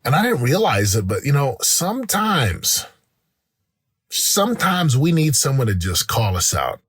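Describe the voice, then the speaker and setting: A middle-aged man hosting a show, giving an energetic motivational talk with lots of restarts and repeated words. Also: mid-range voice, a little slow, slightly rough, dry recording, clean studio sound. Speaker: podcast host. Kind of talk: motivational monologue.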